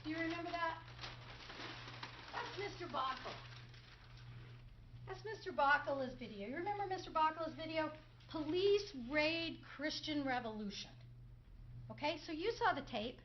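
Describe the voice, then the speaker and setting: A woman's voice: high voice, animated, brisk, pauses often, highs cut off, slight background noise. A middle-aged woman prosecutor giving a courtroom closing argument, sarcastic, firing rhetorical questions and mimicking others.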